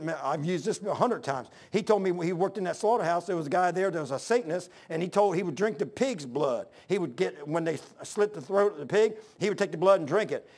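A man preaching a sermon, swinging between loud exhortation and low hushed asides. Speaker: pastor.

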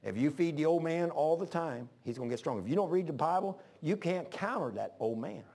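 A man preacher telling a sermon story, emphatic and swinging between loud and hushed. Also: on the high side, expressive, a little fast.

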